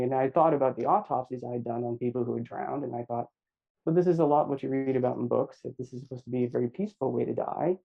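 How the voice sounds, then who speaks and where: A man's voice: medium pitch, fairly even intonation, creaky. Reflective middle-aged man, lo-fi recording. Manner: reflective, halting, many fillers and restarts. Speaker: guest recounting a near-death experience. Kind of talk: personal account in an interview.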